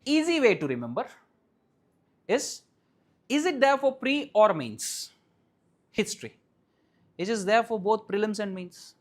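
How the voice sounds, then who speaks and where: A teacher with an Indian English accent giving a live classroom lecture, often asking the class questions and checking that they follow, and repeating key points slowly and firmly. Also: medium pitch, big pitch swings. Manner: keeps quizzing the class and checking understanding. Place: classroom with students present.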